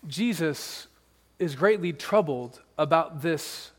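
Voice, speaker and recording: A male pastor preaches a sermon in a slightly high, animated voice, speaking slowly in a space with a big-room sound. His style is conversational and emphatic, and he poses rhetorical questions to the congregation.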